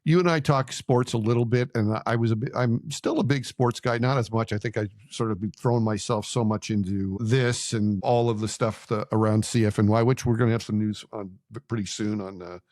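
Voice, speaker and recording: A man's voice: lowish voice, steady tone, brisk, few pauses, a little mellow, dry recording, clean studio sound. An older retired man with a Canadian accent co-hosting a casual podcast, enthusiastic and rambling with fillers. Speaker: podcast co-host. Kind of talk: casual chat.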